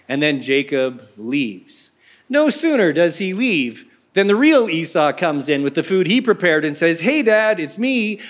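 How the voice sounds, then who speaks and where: A pastor retelling a story in a relaxed, chatty sermon. His voice sits a bit high for a man, and he keeps dropping in joking asides.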